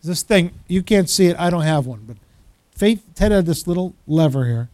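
A man preaching a sermon as pastor, animated and storytelling, acting out the voices of the people he quotes. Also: on the high side, normal speed, no echo.

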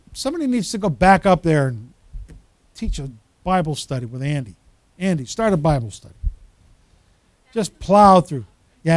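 Lively male preacher with a high voice, recorded dry and close; tells stories and acts out the people he quotes. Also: no echo. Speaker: pastor. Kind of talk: sermon.

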